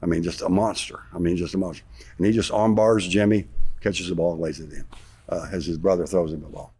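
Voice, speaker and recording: Deep-voiced man telling an old story. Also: a little fast, breathy edge. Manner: rambling, animated retelling with sarcasm. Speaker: interview guest, former basketball player. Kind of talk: storytelling in a sit-down interview.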